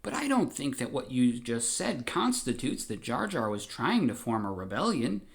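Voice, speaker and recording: A man voicing a scheming older male politician who hides his villainy behind strained calm. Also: normal speed, gravelly. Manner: low, strained, barely contained anger.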